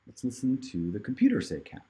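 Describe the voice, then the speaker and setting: A man giving a casual online pronunciation lesson, playful and joking, drilling words slowly for the listener to repeat. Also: medium pitch, wildly swooping pitch, dark tone. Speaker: pronunciation teacher. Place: outdoors in hot sun.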